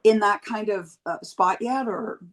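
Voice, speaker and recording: A woman in her fifties chats with blunt, profane humor. She tells stories animatedly, jumping into quoted voices, and her voice sits in a middle pitch. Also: a little slow, a little hiss or hum, poor audio. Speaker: podcast guest. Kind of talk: candid casual chat.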